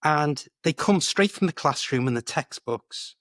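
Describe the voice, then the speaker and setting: Talking about British expressions, this English coach is animated and lively, laughs readily, and keeps saying "do you know". He speaks on the high side and a little slowly, recorded in studio quality without echo.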